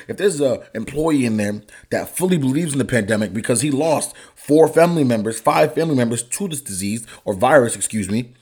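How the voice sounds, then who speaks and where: A man's voice: mid-range voice, darkish tone, slightly rough. A young man hosting his own podcast, talking in a casual, profane, heated way, his voice climbing when he gets angry. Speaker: podcast host. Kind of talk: casual solo podcast rant.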